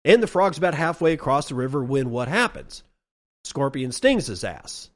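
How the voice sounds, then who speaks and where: A man's voice: medium pitch, very animated, normal speed. A middle-aged man hosting a solo commentary podcast, sarcastic and ranting, stretching out words for emphasis. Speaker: podcast host.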